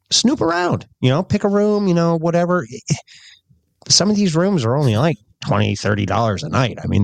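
Halting, stammery man chatting dry. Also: a little high, darkish tone, no room sound. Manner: halting, repeats words, profane. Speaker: podcast co-host. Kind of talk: casual chat.

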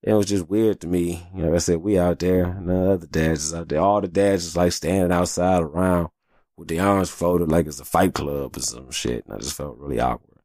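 A man with a low, slightly mellow voice talks a little fast while hosting his own podcast, recorded dry with clean studio sound. His casual storytelling monologue is loose, profane and chatty, and he often asks "you know what I'm saying."

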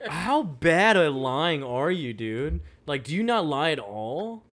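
A young man with a slightly raised speaking pitch, talking in a loose, slangy way full of "bro" and "dude". He laughs easily as he chats casually with his co-host. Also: sing-song, slow pace, fairly bright tone. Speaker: podcast co-host. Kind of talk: casual recap chat.

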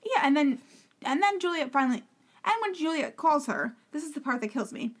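On this podcast, a woman with a high, expressive voice talks briskly as co-host, casually recapping a reality TV show. She's opinionated and emphatic, often talking over the other host.

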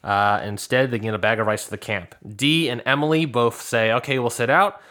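A man's voice: medium pitch, fairly quick, pushed and bright. A man co-hosting a podcast, chatting casually and animatedly as he recaps episodes and acts out what people said. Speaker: podcast co-host.

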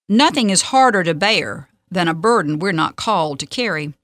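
A woman hosting a radio devotional, reading a story and scripture in a steady, measured way. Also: on the low side, dry recording. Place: radio studio.

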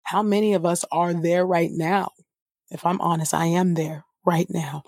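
A woman's voice: lowish voice, fairly even intonation, moderate pace, a little mellow, dry recording, studio quality. A woman who reads scripture aloud and then leads a fervent, spontaneous prayer, often repeating "oh God" and restarting her phrases. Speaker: Bible reader and prayer leader.

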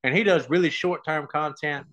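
A man's voice: fairly high pitch, moderate pace, a bit bright. A man talking casually as a podcast guest, swearing freely and laughing as he tells stories about fans. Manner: swears a lot, laughs while telling stories. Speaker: guest, online comedian.

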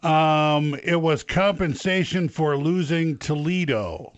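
A man's voice: fairly high pitch, slow pace, no echo, highs cut off. Dry, matter-of-fact male co-host. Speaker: guest radio co-host. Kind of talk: casual chat.

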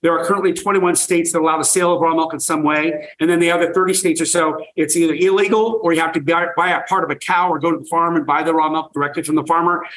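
A man's voice: fairly high pitch, fairly even intonation, quick pace, hardly any pauses, a bit bright, slight background noise, poor audio. An older man, a farmer and guest, telling stories with enthusiasm and emphatic repetition. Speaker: guest, raw milk farmer. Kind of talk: energetic interview talk.

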